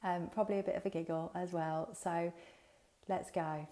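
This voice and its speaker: A business coach speaks to her livestream viewers through a headset mic, casual, chatty and unfiltered, with plenty of swearing. Her voice is on the low side and mellow, with fairly even intonation at a moderate pace.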